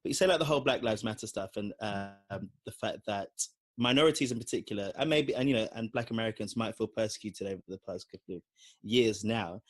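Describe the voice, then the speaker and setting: A man's voice: fairly low pitch, fast, no room sound. A man co-hosting a podcast in casual chat, teasing, joking and laughing often. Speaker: podcast co-host.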